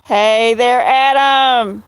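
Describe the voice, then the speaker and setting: A woman's voice: a little high, fairly even intonation, extremely slow, smooth, no echo. A woman with a Southern US accent hosting a casual livestream, rambling, greeting viewers by name and laughing often. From Southern United States. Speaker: livestream host.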